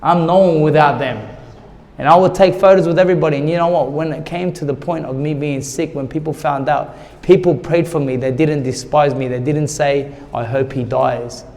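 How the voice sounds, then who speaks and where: A man's voice: a little high, steady tone, a little fast, few pauses, a little mellow, in a large hall. A middle-aged man, a guest in an interview, earnestly telling a personal story and repeating words when he gets emotional.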